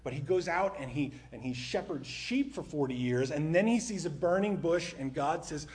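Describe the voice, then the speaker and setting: A man preaching a sermon on a church stage into a microphone, conversational and animated, often dropping to a hush. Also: fairly high pitch, normal speed. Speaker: pastor.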